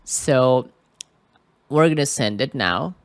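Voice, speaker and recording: A man's voice: medium pitch, expressive, takes it slowly, clear, resonant tone, dry recording. A man teaching English in a screen-recorded tutorial, talking hesitantly and often checking in with the listener. He records indoors at a computer microphone. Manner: hesitant, keeps checking in with "okay?".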